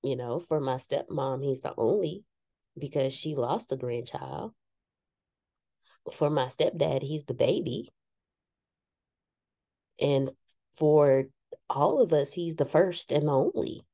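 Addressing a live audience, a woman gives a frank, self-mocking motivational talk, now and then mimicking the voices of people she quotes. Her bass voice is mellow and warm, with vocal fry, a slow pace, and long pauses. The sound is close and dry, with no echo.

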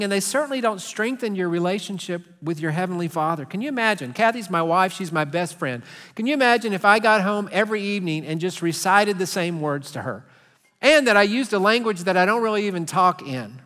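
A middle-aged Texan man preaching from the pulpit in an earnest, conversational way. His voice sits high and sounds bright and forceful. A long reverb from the large sanctuary trails behind each phrase. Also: fairly quick. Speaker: pastor. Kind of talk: sermon.

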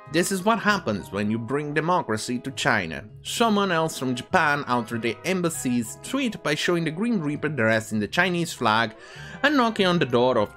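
A man's voice: mid-range voice, a bit bright. Guy ranting about the news, swears a lot, voice jumps all over, faint music behind. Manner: profane, scornful asides while reading news aloud. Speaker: commentary channel host.

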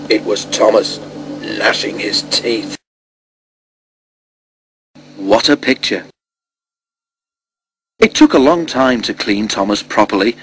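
A man narrating a children's storybook in an even, gentle storytelling manner. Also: on the low side, a little hiss or hum, low-quality recording. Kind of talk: storybook reading.

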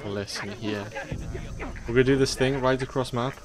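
Chatty northeast English streamer. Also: male voice, medium pitch, steady tone, normal speed, over loud music. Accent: Geordie and Mackem. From northeast England. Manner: rambling, chatty, laughs often. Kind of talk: casual gameplay commentary.

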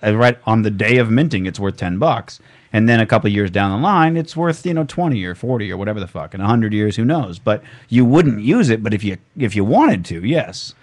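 A man hosting a casual podcast chat, rambling and profane, trailing off with fillers. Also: mid-range voice. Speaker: podcast host.

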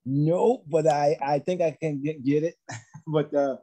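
A man moderating an online session, relaying comments from the chat in a relaxed, chuckling way. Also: fairly high pitch, measured pace. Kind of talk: casual chat. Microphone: online call.

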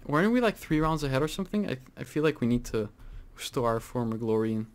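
A man's voice: mid-range voice, fast. Chatty man narrating his gameplay. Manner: chatty, rambling with many fillers, bursts into excited exclaims. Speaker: gaming channel host. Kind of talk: casual gameplay commentary.

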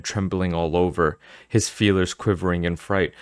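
A man narrating an audiobook in an expressive, dramatic storytelling manner. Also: low-pitched, normal speed, clean tone, dry recording, studio quality.

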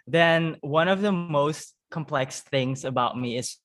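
Guest from Suriname, man with a fairly high voice, chatty and expressive, laughs easily mid-story. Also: measured pace. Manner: expressive, laughs easily while telling stories. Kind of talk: casual conversational storytelling.

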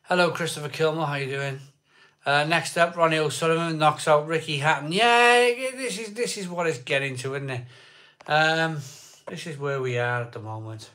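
A man's voice: a little high, fairly bright tone. A man chatting casually with viewers on a live beer stream, greeting people by name and rambling between topics. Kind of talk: casual chat reading live comments.

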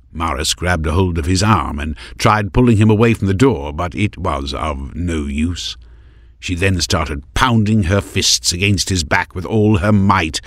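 A man narrating a fantasy audiobook in a measured, even storytelling voice, recorded close on a studio mic. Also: sits low, no echo.

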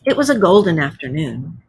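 A woman's voice: on the low side, a little mellow, slight background noise. A woman teacher reading a story aloud to children, stopping to explain words.

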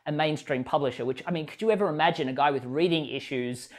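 A man's voice: on the high side, fast. A man in his thirties with an Australian accent, a podcast guest talking in a casual interview with lots of restarts and "you know".

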